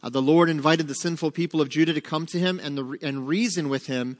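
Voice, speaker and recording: A man's voice: on the high side, fairly even intonation, quick pace, in a large hall. A man leading a Bible study, asking his listeners questions and then answering them himself. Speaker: Bible teacher. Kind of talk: interactive Bible study teaching.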